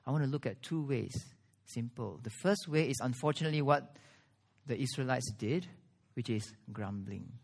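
A man preaching a sermon, earnest, with strong pauses and rising emphasis. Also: medium pitch, gravelly, a little mellow, slightly rough. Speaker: pastor.

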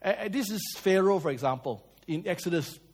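A man preaches. His voice sits a little high for a man. He tells lively stories, swings between loud and soft, and asks his listeners questions. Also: brisk. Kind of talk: sermon.

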